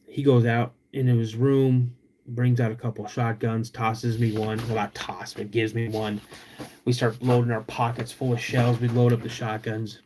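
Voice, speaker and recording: A young man with a drawl tells a story on his podcast. He stretches out the tense moments, then jumps into sudden loud bursts as he relives what he saw. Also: medium pitch, flat delivery, moderate pace, slight background noise. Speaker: podcast host.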